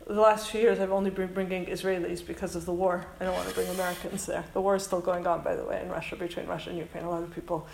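A woman's voice: lowish voice, flat delivery, racing, vocal fry, few pauses, a little mellow, reverberant, a little hiss or hum, poor audio. A woman from Canada, a school principal who runs a summer camp, tells a heartfelt story to an audience. She speaks earnestly and emotionally and drops in Hebrew and Yiddish words.

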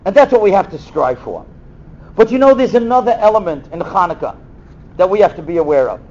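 High lively guy telling a story in a sermon, kinda muffled recording. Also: fairly quick. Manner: animated storyteller acting out voices. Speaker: rabbi giving a talk. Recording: dull lo-fi recording.

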